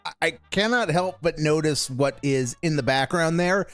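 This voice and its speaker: A man's voice: on the high side, moderate pace, faint music behind. A man streaming, reacting to a video with mocking commentary and frequent laughter.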